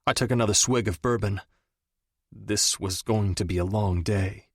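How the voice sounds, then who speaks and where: A man reading a romance audiobook in the first person, measured and even. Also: fairly low pitch, husky, dry recording, studio quality. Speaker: audiobook narrator.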